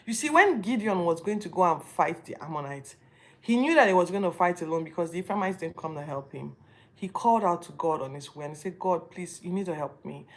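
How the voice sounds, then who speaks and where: A woman hosting a Bible podcast retells scripture informally, with restarts and incredulous rhetorical questions. Her voice is on the low side, expressive and fairly quick.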